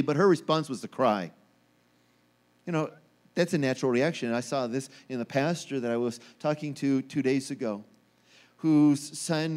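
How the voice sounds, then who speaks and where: High-voiced animated male preacher. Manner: animated, acts out quoted voices with rising pitch. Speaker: pastor. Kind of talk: sermon. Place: church.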